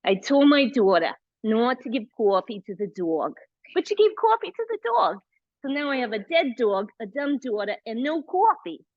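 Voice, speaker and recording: Brash New Jersey mother with a blunt punchline delivery , put on by a woman. Slightly high voice, dull and dry sound. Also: big pitch swings, moderate pace, no echo. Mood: deadpan.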